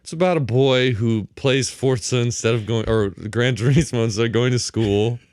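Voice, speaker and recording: A man picks apart a film he disliked in a relaxed podcast conversation, with dry, sardonic asides. His voice sits at an ordinary pitch for a man and sounds dry and close to the mic. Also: normal speed, clear, resonant tone, dry recording. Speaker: podcast co-host. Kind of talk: casual film review chat.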